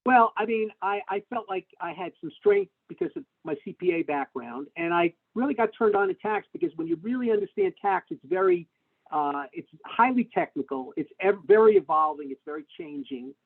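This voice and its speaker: A middle-aged man answers interview questions in a gravelly, somewhat high voice, rambling with lots of fillers and restarts. His pitch jumps around a lot. The audio is thin and tinny, as if it came through a video call. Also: a little fast. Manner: animated storytelling with frequent fillers and restarts. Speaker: tax lawyer, interview guest. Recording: tinny phone-like webinar audio.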